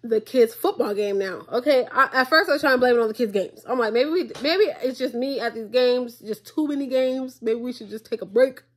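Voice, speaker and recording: A woman's voice: on the high side, fairly quick, hardly any pauses. A young woman vlogging at home into her tablet's mic, chatting to viewers in an exasperated, casual way. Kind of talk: casual chat to camera. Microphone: tablet built-in mic.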